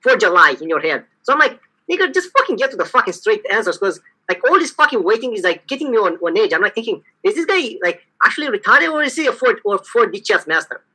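A woman's voice: mid-range voice, sing-song, quick pace, hardly any pauses, sharp tone, husky, low-quality recording. A woman on an online call, criticizing a caller in loose, profane talk full of fillers.

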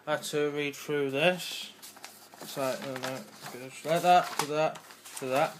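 A man's voice: fairly high pitch, steady tone, a little slow, slight background noise. A teenage English boy chatting in a rambling, offhand way for his home vlog, joking around and slipping into silly voices. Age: teens. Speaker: vlogger. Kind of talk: casual vlog chat. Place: bedroom at home.

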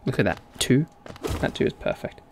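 A man's voice: moderate pace, slight background noise. A young adult man streaming a game live, chatting playfully with his viewers and laughing often. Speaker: gaming streamer. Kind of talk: casual live-stream commentary.

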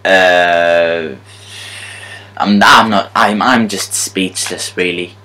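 A young man commentating his own football video game match live, excitable, moving between muttered asides and shouting at the game. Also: low voice, very slow, a little hiss or hum.

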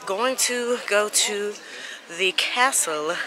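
A woman's voice: mid-range voice, takes it slowly. A woman chatting casually to her camera outdoors in a windy city, rambling with lots of fillers. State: out of breath from climbing stairs. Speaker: travel vlogger. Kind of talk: casual vlog chat to camera. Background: music.

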